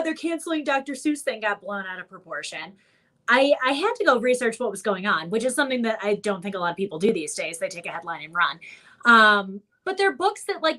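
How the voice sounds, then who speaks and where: A woman's voice: mid-range voice, sharp tone. A woman hosting a radio show, chatting casually with a guest and giving her opinions. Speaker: radio host.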